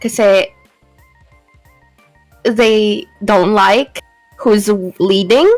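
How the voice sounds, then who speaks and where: Filipino woman chatting with halting restarts. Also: mid-range voice, no room sound, faint music behind, poor audio. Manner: halting, repeats words, emotional. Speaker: streamer co-host. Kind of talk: casual Taglish chat.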